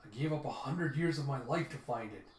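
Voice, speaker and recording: A man's voice: mid-range voice, brisk, a little mellow, natural voice. A man reading aloud and voicing a cynical male hacker and professional thief, blunt and sarcastic, recorded in a roomy space. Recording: roomy echo.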